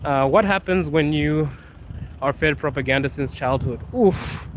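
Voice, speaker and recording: Man, relaxed street-stream host with a mildly high voice, phone mic, light city noise. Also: a little slow. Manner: laid-back, laughs often, calls viewers bro. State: coughing from allergies. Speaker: live streamer answering viewer questions. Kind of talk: casual live-stream chat. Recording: faint street and traffic noise.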